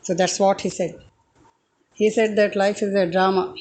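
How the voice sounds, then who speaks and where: A woman giving a reflective spoken talk, hesitant and pausing often on filler sounds. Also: mid-range voice, fairly even intonation, a little mellow, slight background noise, low-quality recording. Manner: hesitant, with frequent filler pauses. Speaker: speaker giving a short talk.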